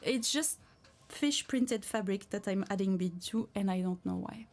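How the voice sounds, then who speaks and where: A French-accented woman streams her beading in a casual live chat, hesitant and thinking aloud with many restarts as she answers chat comments. Her medium-pitched voice is unhurried and a little mellow, with violin music playing in the background.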